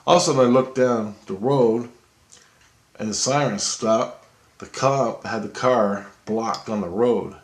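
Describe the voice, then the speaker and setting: A man's voice: lowish voice, roomy sound. A man casually telling a dream story, rambling and conversational.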